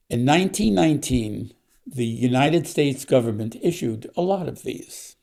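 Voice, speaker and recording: A man, an author, reading his mystery novel aloud with steady storytelling. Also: mid-range voice, unhurried, gravelly.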